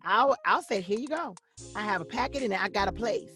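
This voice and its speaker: Middle-aged woman, voiceover coach, animated interview talk, soft music behind. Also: medium pitch, fairly quick. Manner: animated, acts out quoted voices. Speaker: voice-over actress and coach. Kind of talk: interview conversation.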